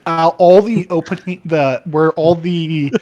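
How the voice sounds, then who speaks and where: A man with a notably high voice plays a tabletop game, chatting casually and swearing freely. He rambles and restarts as he thinks out loud. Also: fairly even intonation, unhurried, highs cut off. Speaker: player.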